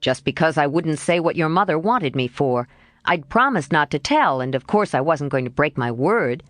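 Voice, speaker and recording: A woman's voice: sits low, animated, moderate pace, dry recording, clean studio sound. A woman reading an audiobook, voicing a spirited teenage boy who growls his words in a sulky, indignant way.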